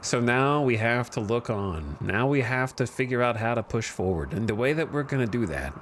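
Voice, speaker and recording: A man's voice: mid-range voice, animated, moderate pace, fairly bright tone, a little hiss or hum. A man giving casual, wry, self-deprecating commentary while streaming a game.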